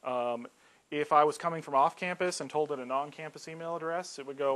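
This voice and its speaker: A man giving a casual technical lecture, relaxed and joking, with frequent ums. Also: medium pitch, brisk. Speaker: campus IT staff giving a colloquium talk.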